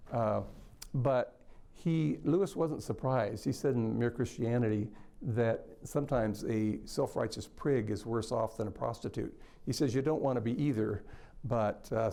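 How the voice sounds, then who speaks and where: A man's voice: medium pitch, gravelly, dark tone. A man, a literature scholar, explaining a book in a thoughtful lecture-style talk.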